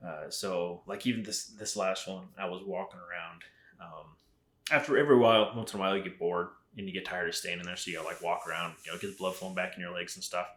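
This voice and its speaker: Speaking quickly in a low, steady, fairly bright voice, a middle-aged rifle company founder from Arizona rambles through stories as a podcast guest. His casual chat is full of swearing and fillers, heard with a roomy echo.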